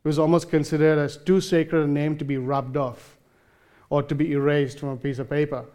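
A male preacher delivering a sermon in a mellow, slightly high voice. He speaks earnestly and with emphasis, circling back with fillers and restarts as he explains a passage. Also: level tone, brisk.

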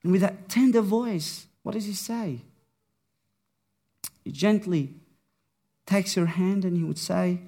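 Man, sermon, high voice, unhurried, dramatic swings between hushed and raised. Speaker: preacher.

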